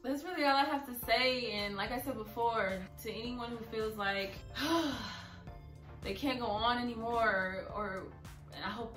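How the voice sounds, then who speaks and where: A woman's voice: fairly high pitch, moderate pace. Heartfelt young woman vlogging, echoey room. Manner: heartfelt, earnest, openly emotional. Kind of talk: personal story vlog. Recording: echoey room, a bit far from mic, soft music.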